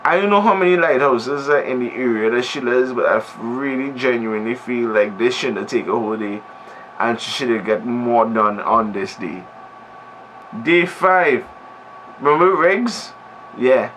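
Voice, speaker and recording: A movie reviewer delivers a comedic recap, rambling and sarcastic, frequently cutting himself off mid-sentence. His mid-range, fairly bright voice moves at a normal speed over poor audio with a little hiss or hum.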